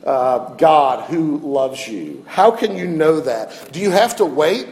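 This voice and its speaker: A man preaching a sermon as a pastor, earnest and expressive, often restarting his phrases. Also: on the high side, slow pace, vocal fry, slight background noise.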